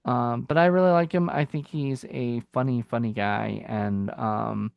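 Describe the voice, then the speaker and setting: Man, gravelly voice, casual rambling review chat, lots of fillers, dry close sound. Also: mid-range voice, steady tone, a little slow, no room sound, dull audio. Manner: rambling, loose, with many fillers and restarts. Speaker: film review podcast co-host.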